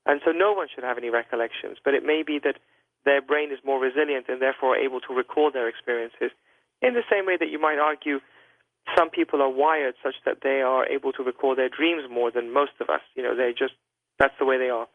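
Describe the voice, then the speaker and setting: A man speaks as a guest doctor on a radio call-in, measured and hedging, with frequent fillers. His voice comes through a tinny, narrow phone line. The sound is dry and close. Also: mid-range voice, no room sound. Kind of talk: careful explanatory talk over a phone line.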